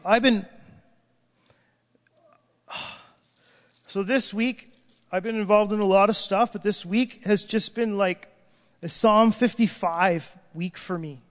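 A man's voice: sits high, slow pace, pauses often. A man preaching an emotional sermon, crying out in prayer and breaking off mid-sentence. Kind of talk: impassioned sermon. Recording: long hall reverb.

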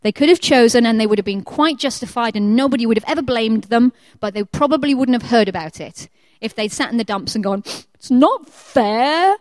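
Lively woman preaching a sermon. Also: on the high side, fast talker. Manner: lively, acts out quoted prayers in changing voices.

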